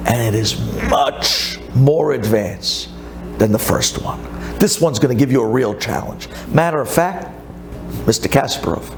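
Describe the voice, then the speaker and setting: A man voicing a confident male company representative in sermon storytelling, measured and businesslike. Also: lowish voice, pitched below the performer's own voice.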